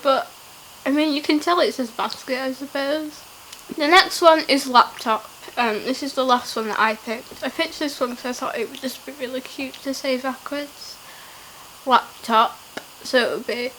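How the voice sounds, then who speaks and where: A woman's voice: high voice, moderate pace, bright, forceful tone, a little hiss or hum, rough recording. Giggly young woman vlogging. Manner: giggly, playful, self-mocking. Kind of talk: casual challenge vlog.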